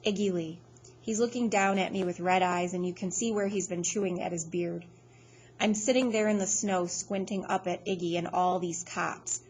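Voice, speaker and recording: A woman reading a first-person novel aloud in a steady, measured storytelling voice. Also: fairly low pitch, slight background noise, poor audio. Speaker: audiobook reader.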